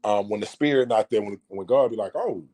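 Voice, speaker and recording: A man's voice: on the low side, fast, mellow. A man delivering a preachy monologue, full of rhetorical questions and repetition. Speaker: vlogger.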